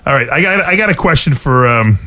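A man's voice: medium pitch, expressive, sharp tone. A man hosting a radio show, teasing the others and steering the talk. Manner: quick, teasing, takes charge of the talk. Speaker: radio host.

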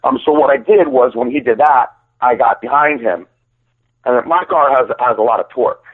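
Podcast cohost calling in, tinny phone sound, rambles and restarts a lot. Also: male voice, medium pitch, normal speed, slightly rough. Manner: rambling storytelling, many restarts. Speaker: podcast co-host. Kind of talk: casual chat.

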